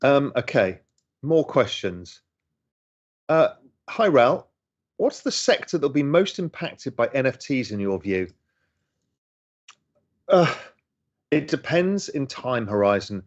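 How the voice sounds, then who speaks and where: Slow and given to frequent pauses, a middle-aged host with a mid-range voice and big pitch swings reads and answers chat questions with enthusiasm. He's streaming casually from a home room in slightly dull lo-fi audio.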